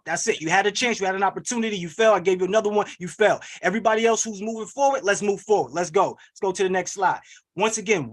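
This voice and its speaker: A man coaching on an online webinar, rallying listeners with an energetic, preachy call-and-response style over a video call. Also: high-pitched. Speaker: wealth coach hosting a webinar. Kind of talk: hype motivational webinar coaching.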